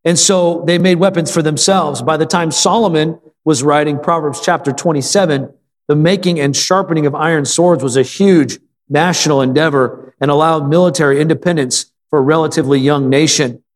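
A man's voice: fairly high pitch, fairly even intonation, fairly quick. Man preaching a folksy sermon in a reverberant church. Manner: folksy storytelling with calls for amen. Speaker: pastor.

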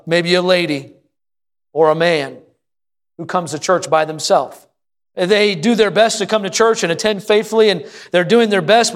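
A man with a fairly high-pitched voice preaches a sermon at a church service. He builds up to shouted emphasis and puts call-and-response questions to the congregation.

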